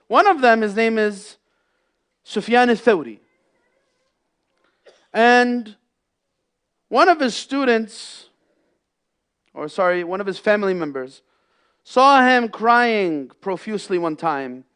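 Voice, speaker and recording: A man delivering a Friday sermon in a mosque, impassioned, with loud emphatic peaks and hushed lows, weaving in Arabic phrases. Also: lively intonation, takes it slowly, pauses often, clear, resonant tone. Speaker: imam giving a Friday sermon. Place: mosque prayer hall.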